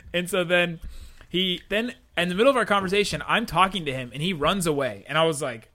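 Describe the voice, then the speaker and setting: Bright-voiced man telling stories. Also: a little high, fast. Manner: animated storyteller, laughs often. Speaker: podcast host. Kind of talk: casual podcast chat.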